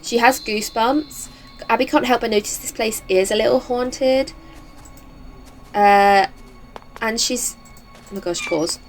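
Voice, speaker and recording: A woman hosting a game channel, chatting excitably through a let's play with lots of fillers. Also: a little high, measured pace, pauses often, faint music behind. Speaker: gaming channel host. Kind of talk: casual let's play commentary.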